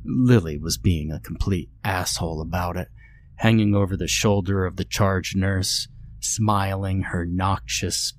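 A man narrating a first-person horror story in a measured, bitter tone. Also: deep voice.

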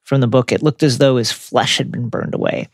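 A man co-hosting a book discussion podcast, retelling chapters in a wry, lively way. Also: mid-range voice, a little fast, no room sound, clean studio sound. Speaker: podcast co-host.

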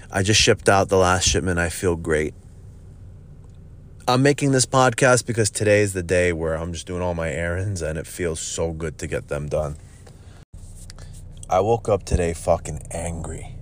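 Deep-voiced blunt man, swearing freely. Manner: blunt, profane, says "bro". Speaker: podcast host, gym owner. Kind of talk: casual monologue.

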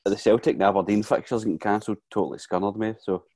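A Scottish man on a podcast, halting and filler-heavy as he chats. His voice is notably low-pitched and sits well below the other hosts. He talks in a relaxed, easy way. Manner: hesitant, many fillers. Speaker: podcast co-host. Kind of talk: casual chat.

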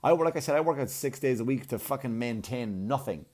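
A man's voice: medium pitch, animated, fast talker, darkish tone. A man on a blunt, profane comic rant, arguing and mocking as he goes. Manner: blunt, swearing, argumentative, mocking.

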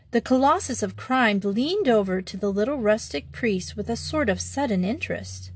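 A woman's voice: fairly high pitch, expressive, normal speed, hardly any pauses, slightly rough. Woman reading a classic story aloud. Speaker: narrator.

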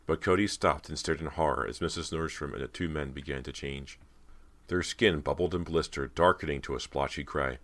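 A man narrating a horror audiobook at a steady storytelling pace. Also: rumbling low, fairly quick.

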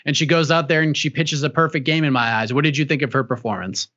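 Man interviewer, rambling questions, crisp tense tone, lo-fi sound. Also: on the high side, quick pace, a bit bright. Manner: chatty, long rambling questions.

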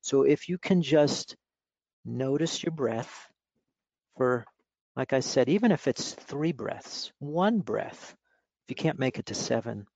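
A man speaking as a mindfulness coach in an interview, explaining exercises in a relaxed, instructive way with many fillers. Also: mid-range voice, creaky, no room sound. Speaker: mindfulness coach and author, guest. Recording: dull lo-fi audio.

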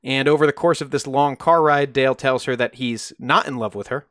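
A man's voice: medium pitch, fairly quick, fairly bright tone, no echo, clean studio sound. A man co-hosting a podcast, telling a true crime story in a casual, conversational way and briefly acting out the quoted voices.

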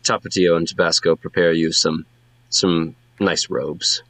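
Man playing a formal, measured old father. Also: sits low, fairly even intonation, fairly bright tone, dry recording. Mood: fatherly. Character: formal older father, wealthy newspaper owner.

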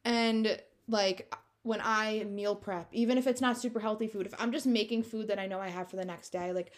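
A young woman co-host with a mid-range voice talks casually about her own habits. Her delivery is reflective and relaxed, and she often offers supportive asides to her co-host. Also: medium pitch, moderate pace. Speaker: podcast co-host. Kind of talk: casual chat.

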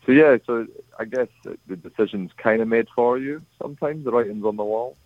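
A man's voice: mid-range voice, fairly quick, dry recording. A British man with a partly New Zealand accent, chatting casually as a radio guest over the phone, rambling with lots of fillers. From Britain. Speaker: guest cyclist. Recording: tinny phone line.

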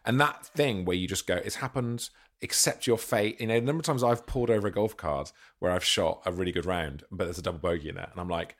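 A man co-hosting a podcast, reacting in excitable casual chat. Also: low voice, fast talker, few pauses. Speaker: podcast co-host.

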